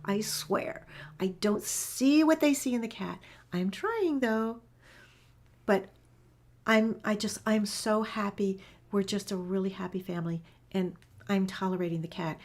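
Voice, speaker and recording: A woman's voice: mid-range voice, measured pace, darkish tone, lightly acted. A woman voicing a gushing, devoted rescue dog. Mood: earnest. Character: cheerful, devoted male rescue dog, loving caretaker.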